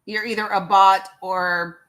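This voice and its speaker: A woman's voice: mid-range voice, steady tone, a little slow, fairly bright tone. A woman hosting a live social audio stream, talking casually to her listeners and greeting them by name. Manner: chatty, addresses viewers by name, many fillers. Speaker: livestream host.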